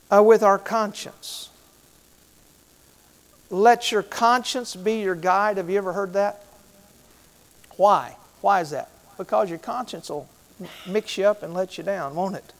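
A middle-aged man preaching a sermon as pastor, who asks the congregation questions and repeats key phrases. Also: sits high.

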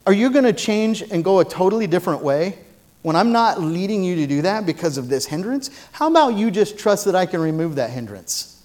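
A man with a fairly high voice preaching from a church platform. He tells funny stories, then builds to loud, emphatic preaching. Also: big pitch swings, brisk. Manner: storytelling with humor, rising to loud preaching. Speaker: pastor. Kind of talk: sermon.

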